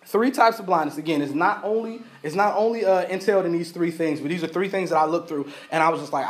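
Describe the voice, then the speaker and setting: Male pastor with a high voice, preaching casually and acting out the story. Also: fairly quick. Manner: casual storytelling, acts out characters, laughs often. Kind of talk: sermon. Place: church.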